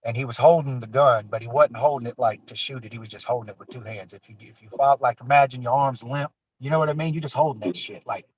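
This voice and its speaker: A guest tells a long personal story, rambling casually, swearing freely, and looping back through fillers and restarts. His medium-pitched voice is fast and breathy-edged with hardly any pauses, captured close and dry with no room sound in a rough recording.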